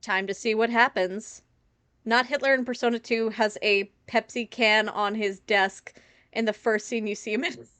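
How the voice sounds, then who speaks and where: A woman's voice: on the high side, steady tone, normal speed, a bit bright, clean tone, no echo. A woman streaming a game live, rambling through chatty tangents and laughing often. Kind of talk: casual live gameplay commentary.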